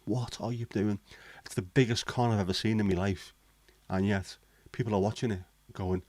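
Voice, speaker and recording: Deep, blunt man. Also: fairly even intonation, moderate pace, hardly any pauses, darkish tone, dry recording. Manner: blunt, sweary, cynical banter. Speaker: livestream host. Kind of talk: casual chat.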